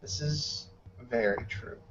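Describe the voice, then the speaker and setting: A man voicing a cold, sly male guard captain who speaks quietly and sarcastically. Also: mid-range voice, slow pace, lo-fi sound. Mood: cold menace.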